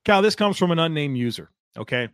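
A man's voice: a little high, expressive, brisk, smooth, no echo, clean studio sound. A man co-hosting a football podcast, reading listener takes aloud and teasing his co-host in casual chat.

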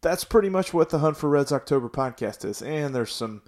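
A man's voice: fairly high pitch, expressive, brisk, darkish tone. A man hosting a sports podcast, talking casually and venting frustration with frequent restarts. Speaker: podcast host.

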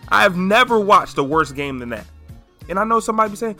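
A man's voice: high voice, quick pace, faint music behind. A man in his twenties hosting a solo sports podcast, talking emphatically and hammering his points home with repetition. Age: 20s. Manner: emphatic, animated, repeating points for effect. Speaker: podcast host.

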